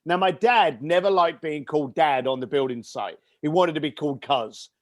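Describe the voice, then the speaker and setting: A man with a high, light speaking voice tells a story with real energy, acting out his family's lines as he goes. The sound is close and dry, with no room in it. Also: moderate pace, no room sound. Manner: animated storyteller who acts out family dialogue. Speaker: podcast guest. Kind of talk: storytelling interview.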